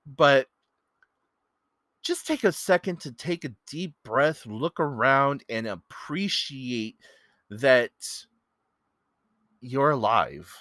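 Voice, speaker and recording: A podcast host with a mid-range, pushed, bright voice tells a story on his solo show, rambling earnestly with many fillers. He's close to the mic and there's no echo.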